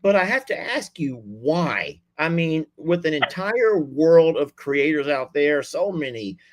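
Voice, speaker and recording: A man hosting a livestream, chatting warmly with callers in a folksy, effusive way. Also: fairly high pitch, sing-song, unhurried. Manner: folksy, effusive, lots of y'all and sweetie. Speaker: livestream host. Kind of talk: casual chat with callers.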